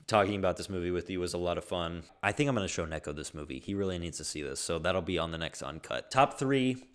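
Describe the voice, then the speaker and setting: A young man in a casual movie review vlog, talking excitably and swearing freely as he gushes. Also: sits low, clean tone. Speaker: movie vlogger.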